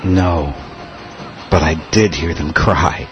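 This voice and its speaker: An actor playing a calm, solemn male polka mystic in a comedy radio play. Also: low-pitched, slow, soft background music. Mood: serene. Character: serene zen-spouting male polka mystic. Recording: slightly muffled recording.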